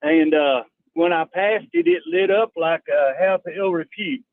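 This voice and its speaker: A man's voice: fairly high pitch, wildly swooping pitch, a little slow, gravelly, dry recording. A man, calling into a radio show and telling a folksy story. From Texas. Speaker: caller. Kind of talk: phone-in storytelling. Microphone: phone. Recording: tinny phone line.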